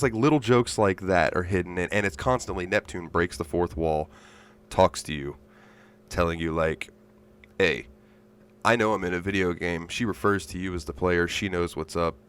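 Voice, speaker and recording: A man's voice: deep voice, a bit bright, clean tone. A man giving a recorded game review for a podcast, chatty and rambling, with lots of fillers.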